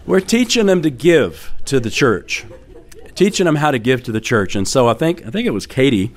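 A man's voice: mid-range voice, very animated, measured pace, pauses often, a faint crowd. A middle-aged man preaching a sermon as pastor, telling stories in a conversational way with fillers and light laughter.

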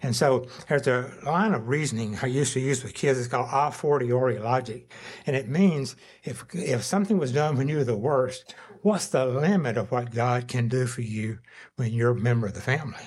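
Husky-voiced man preaching a sermon. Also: mid-range voice, normal speed, darkish tone. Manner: conversational preaching with frequent fillers, voicing God and Abram in quotes. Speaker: pastor.

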